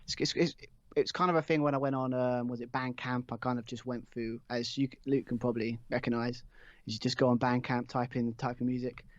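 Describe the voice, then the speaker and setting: A man's voice: mid-range voice, fairly even intonation, fairly quick, no echo, lo-fi sound. A man, a podcast guest chatting casually and rambling, with many fillers and restarts. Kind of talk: casual chat.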